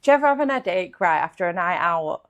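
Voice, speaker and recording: A woman's voice: fairly low pitch, animated, quick pace, a bit bright, lo-fi sound. A young woman, telling her story as a guest in a casual interview, blunt and jokey, pregnant.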